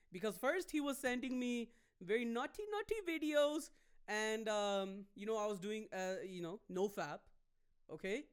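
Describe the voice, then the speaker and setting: A man's voice: high-pitched, clean tone. Rambling man telling a comic story. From Canada. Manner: rambling, animated, with many fillers. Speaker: stand-up comedian and podcast host. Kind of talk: casual comedic storytelling.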